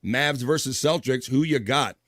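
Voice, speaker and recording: Man, live stream host, mid-pitched voice, dry close mic, upbeat profane shout-outs. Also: moderate pace, no room sound. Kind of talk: casual live stream chat, reading viewer messages aloud.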